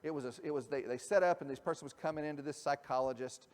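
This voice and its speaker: A high-pitched man preaching in a church, talking in a loose, conversational way that drops soft and then rises hard for emphasis. His voice rings out with a long hall reverb around it. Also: fast. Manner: conversational, swings from soft asides to shouted emphasis. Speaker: pastor. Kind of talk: sermon. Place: church sanctuary.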